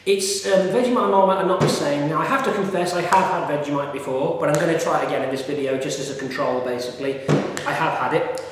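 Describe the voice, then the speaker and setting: A man's voice: a little high, fast talker, noisy background. A middle-aged man rambling casually with many fillers and restarts, reviewing food in a vlog. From United Kingdom. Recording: echoey room with long reverb.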